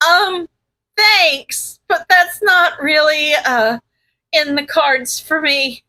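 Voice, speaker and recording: A timid teenage boy who fumbles his words with little ums and uhs, as a woman storyteller voices him. The voice sits high and bright. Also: steady tone, very slow, heavily acted. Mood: choked up. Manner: hesitant, stammering with ums. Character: shy, flustered teenage boy hacker.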